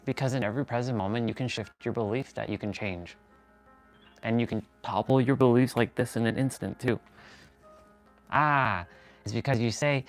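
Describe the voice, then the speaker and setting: A man's voice: medium pitch, normal speed, soft background music. A man hosting a fitness and motivation livestream, giving an earnest, rambling pep talk while he stretches, often correcting himself mid-sentence.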